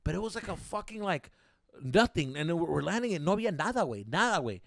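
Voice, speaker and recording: A young man co-hosting a podcast, telling stories in a casual, profane, animated way with lots of fillers. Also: a little high, fast talker, creaky, no echo, studio quality. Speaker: podcast co-host. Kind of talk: casual storytelling chat.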